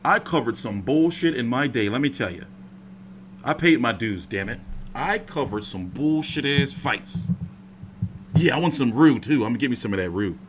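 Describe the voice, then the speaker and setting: A man's voice: medium pitch, normal speed, noisy background. A man hosting a casual boxing stream at home, rambling and swearing freely as he chats. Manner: profane, rambling, animated. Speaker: boxing commentator. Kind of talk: casual livestream chat.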